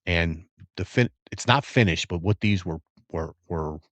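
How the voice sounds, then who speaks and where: Deep-voiced man chatting through a tasting. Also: a little slow, no echo. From Virginia area, USA. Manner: relaxed, rambling, savoring and reacting to sips. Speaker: bourbon livestream host. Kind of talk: casual live-stream chat.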